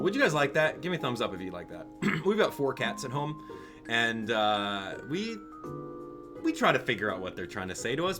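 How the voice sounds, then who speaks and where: An excited man doing casual game commentary on a livestream, laughing often as he goes. His pitch is ordinary but very animated. Music plays in the background. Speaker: streamer.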